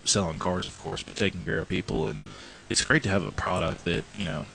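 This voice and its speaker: A man's voice: low voice, fairly quick, vocal fry, bright, forceful tone, poor audio. A man chatting casually on radio as a car dealership representative, easygoing and salesman-like, speaking from a showroom.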